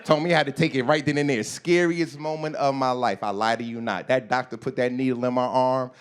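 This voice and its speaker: A man in his forties performing a stand-up comedy set. He is profane and animated, acts out voices and shouts his punchlines. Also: medium pitch, a little fast, a faint crowd. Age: 40s. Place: comedy club stage.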